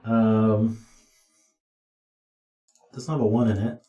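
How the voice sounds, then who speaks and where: A man's voice: on the low side, flat delivery, slow pace, warm tone, dull audio. A tired man streaming himself as he thinks aloud through a puzzle, muttering to himself with dry asides. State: tired, yawning. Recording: roomy echo.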